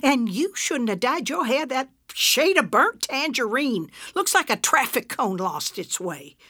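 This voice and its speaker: A woman voicing a feisty elderly woman in her seventies who fires back sharp, indignant retorts in a storybook. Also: sits high, big pitch swings, a little slow, dry recording, clean studio sound, pitched above the performer's own voice, exaggerated voice. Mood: bickering. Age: 70s. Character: feisty elderly woman, quick-tongued and prickly.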